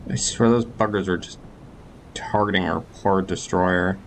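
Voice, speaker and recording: A man with a fairly low voice talks through a war game, venting his exasperation and trailing off into broken restarts. A faint rumbling noise sits under the recording. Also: fairly even intonation, measured pace. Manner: frustrated, exclaiming and cursing at the game; broken restarts when agitated. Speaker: game commentator. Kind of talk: gameplay commentary.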